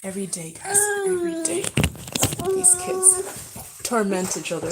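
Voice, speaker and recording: Young mother vlogger, high and bouncy voice, animated family chat, loud noise behind. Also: a little slow. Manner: chatty, animated, talks to kids and viewers. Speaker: parent vlogger. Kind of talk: casual family vlog chat. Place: family home.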